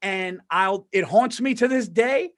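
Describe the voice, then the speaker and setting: A man with a high-pitched voice tells a story on a podcast in a loud, animated way. He swears oaths that it is true and acts out the people in it. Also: measured pace. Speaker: podcast co-host. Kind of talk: casual storytelling.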